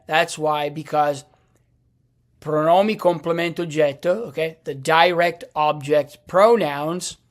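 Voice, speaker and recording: A man teaching a language lesson, explaining slowly with frequent restarts and fillers. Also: on the high side. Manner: slow, hesitant, with many restarts and fillers.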